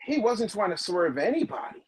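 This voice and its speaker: Husky, lively man telling a story. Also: normal speed, no room sound, rough recording. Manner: lively storyteller, acts out quotes in a lower voice. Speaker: wrestling manager guest. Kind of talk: animated storytelling.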